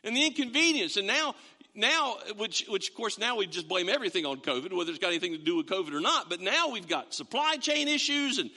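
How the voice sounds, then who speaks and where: A man preaching a sermon in a church, in a conversational, animated storytelling way. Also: high voice, fast talker. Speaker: pastor. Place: church sanctuary. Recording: long reverb of a large hall.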